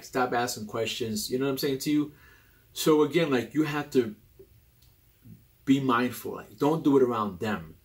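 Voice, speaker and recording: A young adult man hosting a casual talk about personality types, animated and rambling, often restarting his sentences. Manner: animated and rambling, with many restarts and sudden jumps in pitch. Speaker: host.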